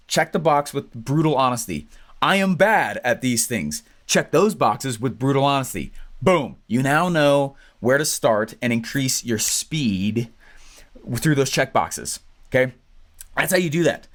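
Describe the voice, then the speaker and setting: A man teaching an online business training, talking fast and animated, often checking in with "right?" and "okay?". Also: a little high. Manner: fast, animated, acts out quoted clients; keeps tagging lines with "right?" and "okay?". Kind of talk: energetic training talk to viewers.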